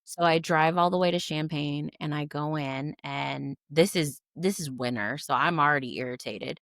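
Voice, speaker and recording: Woman, low voice, guest storytelling, animated quotes, dry close sound. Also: moderate pace, dry recording. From Kentucky. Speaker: guest, bookstore owner. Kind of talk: casual storytelling.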